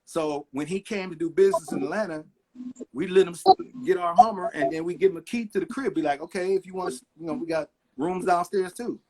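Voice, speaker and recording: A middle-aged record producer tells stories in a casual interview, his high-sitting voice brisk and gravelly. He's an animated storyteller who acts out the people he quotes.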